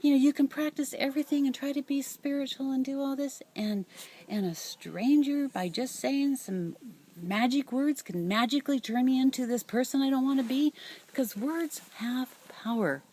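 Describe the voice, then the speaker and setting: A woman's voice: high voice, normal speed, warm tone. An older woman running a cat rescue, telling a personal story in a reflective, hesitant way with many fillers and restarts.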